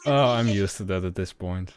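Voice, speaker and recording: A young man with a low voice hosts a loose podcast chat. He rambles through fillers and restarts and laughs easily, and the recording sounds dry and close. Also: fairly even intonation, brisk, smooth, dry recording. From Netherlands, Friesland. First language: Frisian. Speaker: podcast host. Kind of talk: casual chat on a livestreamed podcast.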